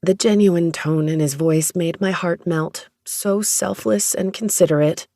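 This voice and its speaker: Gravelly, dry first-person audiobook narrator. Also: mid-range voice, measured pace, warm tone, no room sound.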